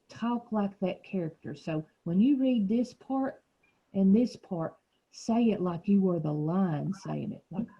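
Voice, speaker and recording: A slightly husky woman leads a small reading group in a classroom. She guides and encourages the children patiently. The classroom recording sounds dull and lo-fi. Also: mid-range voice, mellow. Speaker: teacher.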